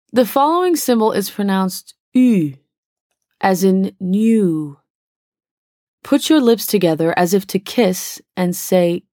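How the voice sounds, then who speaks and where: A woman narrating a pronunciation lesson in a slow, careful, instructional way. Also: mid-range voice, a little mellow, no room sound, studio quality. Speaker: language course narrator.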